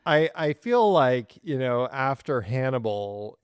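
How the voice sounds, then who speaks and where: A man co-hosting a film podcast in relaxed, amused casual chat. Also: medium pitch, slow pace, smooth, no room sound, clean studio sound. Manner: relaxed, amused, with filler words. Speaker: podcast co-host.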